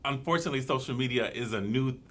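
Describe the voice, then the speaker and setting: A man hosting a casual discussion, playful and quick to laugh. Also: medium pitch. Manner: playful, laughing, animated bursts.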